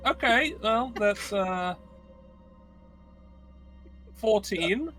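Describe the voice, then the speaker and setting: A man's voice: high voice, lively intonation, extremely slow, bright, forceful tone, faint music behind. A man playing a tabletop game, explaining his turn hesitantly with many fillers. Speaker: player.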